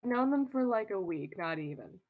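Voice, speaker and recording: A woman's voice: mid-range voice, brisk, narrow, tinny audio. A young adult woman chatting casually on a livestream, telling stories with lots of "like"s. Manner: chatty, animated storyteller with many "like"s.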